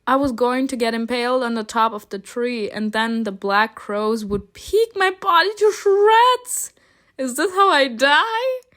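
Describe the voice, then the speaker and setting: High-voiced excitable woman reading a story game. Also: measured pace. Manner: excitable, gushing, often laughing.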